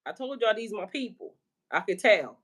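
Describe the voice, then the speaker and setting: A woman's voice: medium pitch, sing-song, normal speed, fairly bright tone. A woman hosting a livestream as a spiritual life coach, chatting casually with viewers in a playful, slangy way and laughing often.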